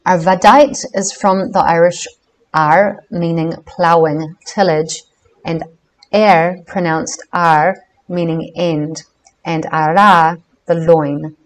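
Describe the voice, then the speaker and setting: A woman with a somewhat low voice reads a book aloud. She keeps a careful, measured pace and stops to fix herself on difficult words. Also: steady tone, poor audio. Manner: careful, measured reading with self-corrections on names. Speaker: reader of a book.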